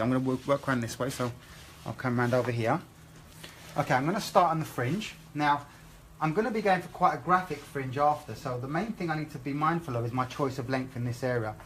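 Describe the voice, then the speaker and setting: A man's voice: medium pitch, a little hiss or hum. A man with a British accent, a hair educator explaining a live haircut demonstration step by step. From England. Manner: explains steps methodically, asks okay?.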